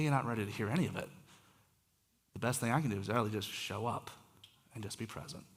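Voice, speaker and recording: A man's voice: mid-range voice, a bit bright, in a large hall. A man who is a pastor, giving a conversational sermon in a church and putting questions to the congregation. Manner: conversational, restarts phrases, asks the congregation questions. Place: church sanctuary.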